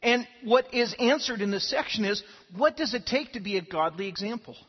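A man's voice: high-pitched, slightly rough. A man preaching a sermon as pastor, earnest and given to repeating words as he starts his phrases. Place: church sanctuary. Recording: lo-fi with long hall reverb.

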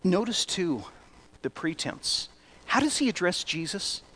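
A middle-aged pastor with a high voice preaches unhurriedly in a relaxed, conversational way. He breaks in now and then with wry, self-deprecating asides.

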